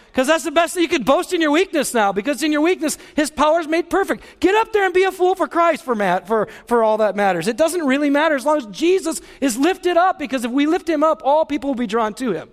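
Male pastor, emphatic sermon style, unusually high voice, reverberant hall sound. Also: expressive, a little fast, hardly any pauses. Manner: passionate, emphatic preaching.

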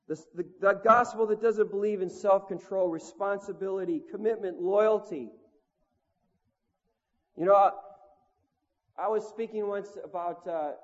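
A man preaching a storytelling sermon in a conversational, self-mocking way, with lots of "you know" and "like". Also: high-pitched. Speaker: preacher and touring band leader. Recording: lo-fi recording in a long-echo hall.

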